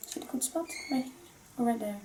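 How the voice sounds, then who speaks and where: A woman's voice: fairly high pitch, expressive, quick pace, dark tone, a little hiss or hum. A woman hosting a vlog, chatting casually and giggling often while unboxing collectible toys. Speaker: vlog host.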